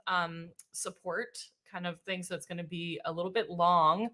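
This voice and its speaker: A woman voice coach leading a livestream singing warm-up, chatty and self-deprecating, demonstrating sung exercises on simple syllables. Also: lowish voice, fairly even intonation, normal speed. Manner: chatty and self-deprecating, laughing at her own slips.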